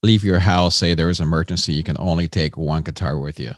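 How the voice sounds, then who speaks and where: Deep-voiced male co-host, dry sound. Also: fairly even intonation, fast, dry recording. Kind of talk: casual interview chat.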